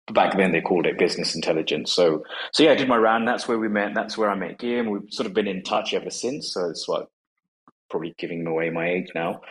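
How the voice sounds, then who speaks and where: On a live audio space, a company co-founder in his forties chats casually as a guest in a deep voice. He sounds hesitant, stumbling through fillers and restarts, and the audio quality is poor.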